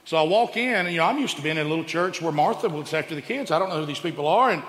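A middle-aged man performs stand-up, telling a long story with animated energy and leaping into character voices for the people he quotes. His voice sits high and sounds bright. It rings out through a large reverberant hall, with a faint hiss underneath. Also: racing. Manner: animated, acts out quoted voices with big pitch jumps. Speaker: stand-up comedian.

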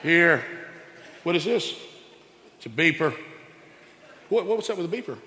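A middle-aged man telling a comic story on stage, animated and jumping into quoted voices. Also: a little slow, long pauses, in a large hall, a little hiss or hum. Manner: animated, acts out quoted voices with big pitch jumps. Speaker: stand-up comedian. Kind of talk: stand-up storytelling.

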